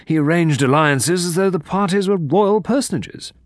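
A man voicing a blunt, gruff old military colonel who talks in brisk, clipped phrases. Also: sits high, no echo, clean studio sound, voice pushed up, natural voice. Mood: confiding.

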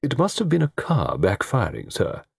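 A man's voice: mid-range voice, wildly swooping pitch, normal speed, vocal fry, darkish tone, husky, no echo, clean studio sound, heavily acted. A man voicing a grave, dignified butler who speaks formally in a storybook reading. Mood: deferential. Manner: formal, deferential.

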